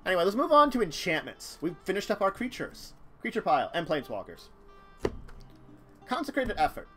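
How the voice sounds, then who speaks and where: A man's voice: sits high, big pitch swings, fairly quick, music in the background. A man casually commenting on a live stream about a card-game deck, rambling and talking to his chat. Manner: rambling, chatty, talks to chat, chuckles.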